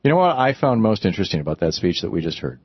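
A male radio host with a low, husky voice speaks in an animated, opinionated way, often restarting his sentences. The studio sound is dry and slightly dull, with faint music in the background. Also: racing, no echo. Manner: animated, conversational, with frequent restarts. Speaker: radio talk show host. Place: broadcast studio.

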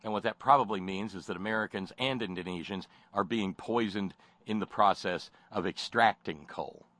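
Sarcastic man with a low voice. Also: normal speed, fairly bright tone, no echo. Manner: sarcastic and mocking, rambling with many fillers and restarts. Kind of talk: sardonic spoken commentary.

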